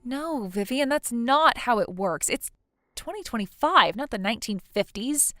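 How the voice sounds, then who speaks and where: A woman's voice: fairly high pitch, expressive, moderate pace, pushed and bright, no echo, clean studio sound. A woman voicing a blunt young female friend in a text-message story, lecturing firmly. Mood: scolding. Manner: firm, lecturing.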